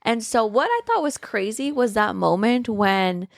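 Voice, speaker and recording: A woman's voice: measured pace, gravelly, no room sound, clean studio sound. A woman co-hosting a casual book podcast, recapping a thriller and acting out characters' lines in a raised voice. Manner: animated, acts out characters' lines with raised pitch. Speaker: podcast co-host. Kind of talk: casual book discussion chat.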